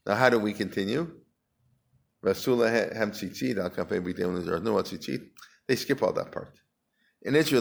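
A man's voice: fairly low pitch, creaky. A man teaching a Talmud class, chanting Aramaic passages and then explaining them in casual English, asking the class questions and often restarting his sentences. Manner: conversational, asks the class questions.

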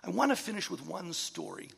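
A man's voice: sits high, huge pitch swings, fairly quick, creaky, fairly bright tone, breathy edge, in a large hall. A man in his fifties or older, a rabbi telling an earnest, impassioned story to an audience, sometimes sinking to a near-whisper.

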